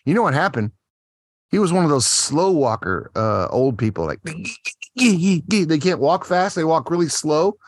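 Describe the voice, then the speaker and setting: A man's voice: a little high, a little slow, slight background noise. A man co-hosting a podcast, tipsy, rambling and swearing as he reads out odd news stories in casual banter. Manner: profane, rambling and animated. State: tipsy from drinking. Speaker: podcast co-host.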